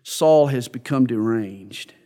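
A man's voice: medium pitch, takes it slowly, dark tone. A man preaching a sermon, reading scripture aloud and then explaining it in plain talk with wry jokes. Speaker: pastor. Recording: echoey hall with long reverb.

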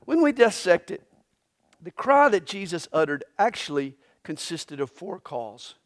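A pastor preaching a live Sunday sermon in a church, telling the story dramatically and swinging between hushed and loud passages. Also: male voice, high-pitched, big pitch swings, unhurried. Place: church sanctuary during a live Sunday service.

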